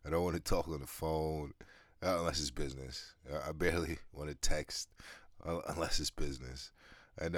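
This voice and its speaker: Super deep voiced guy in his 30s rambling on his podcast, swears a lot, smoker cough, dry close sound. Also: dry recording. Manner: rambling, profane, laid-back, many restarts and fillers. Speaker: podcast host. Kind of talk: casual monologue.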